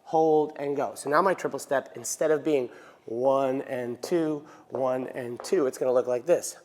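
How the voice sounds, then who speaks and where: A man's voice: medium pitch, normal speed, a little mellow. Man teaching dance in an echoey hall. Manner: counts beats aloud, checks in with frequent "right?". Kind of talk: instructional dance lesson.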